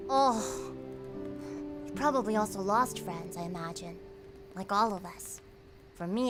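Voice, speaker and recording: A young American woman streaming a cozy late-night chat, reading comments aloud, playful and squealing at times, then soft and reflective. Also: mid-range voice, normal speed, long pauses, over music. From United States.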